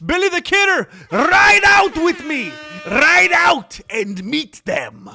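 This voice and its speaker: A man's voice: very high voice, sing-song, takes it slowly, pushed and bright, no echo, faint music behind, pitched above the performer's own voice, exaggerated voice. A man voicing an epic warrior-king who rallies his riders with grand, theatrical declaiming. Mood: war cry.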